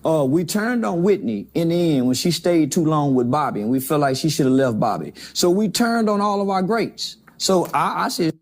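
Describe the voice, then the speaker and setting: A man in his forties speaks with a slightly raised pitch. He is emphatic and candid in an interview. He often stutters through repeated words before landing a point. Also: moderate pace, few pauses, slight background noise. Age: 40s. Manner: emphatic, repeats words when starting sentences. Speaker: guest.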